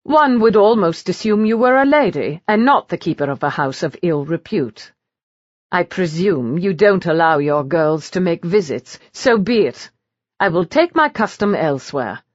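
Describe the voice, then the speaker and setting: A woman's voice: lowish voice, lively intonation, moderate pace, no room sound, muffled recording. A woman voicing a cool, cynical aristocratic lord in an audiobook, speaking in a lazy, mocking drawl. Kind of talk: audiobook character reading.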